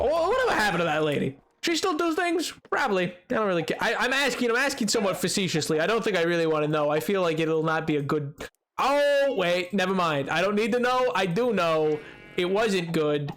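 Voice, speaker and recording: A man's voice: sits high, lively intonation, a little fast, a bit bright, soft background music. A man chatting casually while streaming a video game, rambling with stammered restarts and frequent laughter. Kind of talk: casual gaming stream chat.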